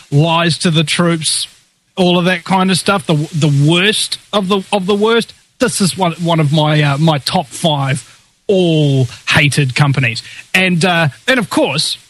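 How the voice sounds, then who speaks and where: A man hosting a casual talk show, excitable and sarcastic, jumping between jokes and rants. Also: a little high, measured pace, poor audio. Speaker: podcast host. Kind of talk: casual chat.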